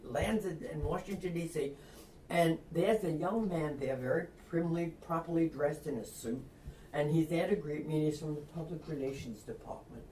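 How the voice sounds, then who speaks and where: Older woman, from Long Island, lively storyteller, mimics other people, lower voice, roomy recording. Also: normal speed, slight background noise. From Long Island, New York. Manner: lively, acts out quoted voices, laughs often. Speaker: interview guest, retired reporter. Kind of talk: anecdotal storytelling. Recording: roomy, distant mic.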